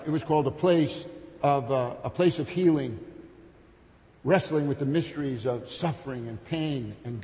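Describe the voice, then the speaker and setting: A man preaching a sermon with passion, building to loud peaks and then dropping to soft, intimate storytelling. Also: fairly high pitch. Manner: impassioned, builds to shouts, then drops soft. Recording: long hall reverb.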